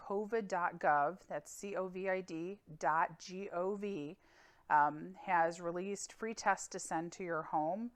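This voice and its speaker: Low-voiced woman doctor explaining calmly. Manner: calm, explanatory, clinical, with occasional fillers. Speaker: physician. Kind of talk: weekly medical update.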